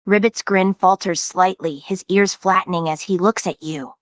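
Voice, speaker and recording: A woman's voice: medium pitch, steady tone, moderate pace, dry recording. Woman reading a fan story. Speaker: narrator.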